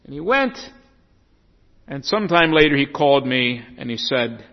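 A male pastor preaching a sermon, telling stories dramatically, with big swings from loud to hushed. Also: medium pitch, lively intonation, moderate pace, pauses often. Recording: dull echoey hall recording.

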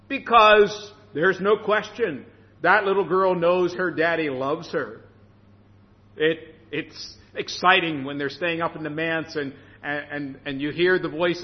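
A man preaching a sermon, slow and earnest, stressing phrases by repeating them. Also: high-pitched. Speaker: pastor. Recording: dull sound with long hall reverb.

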